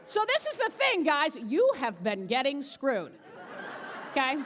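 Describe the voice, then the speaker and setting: Keynote storyteller, woman, bright higher voice, lively delivery, hall reverb. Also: measured pace, a faint crowd, slight background noise. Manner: animated, chatty, tag questions to audience. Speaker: motivational keynote speaker. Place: large event hall.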